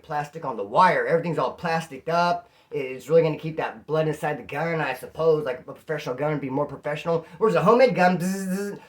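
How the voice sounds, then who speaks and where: Slangy man telling a prison story. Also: on the high side. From California. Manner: slangy, animated, acts out quoted voices. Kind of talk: casual spoken storytelling.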